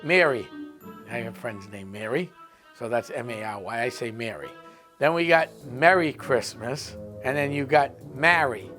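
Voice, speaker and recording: A man's voice: mid-range voice, normal speed, pushed and bright, soft background music. A man with a Merrimack Valley accent answering an interview emphatically. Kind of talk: casual interview.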